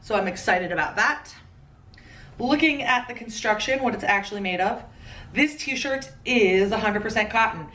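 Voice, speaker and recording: A woman in her thirties giving a chatty, playful fashion haul commentary with quick asides. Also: medium pitch, bright, forceful tone, roomy sound, distant mic. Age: 30s. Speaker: fashion vlogger.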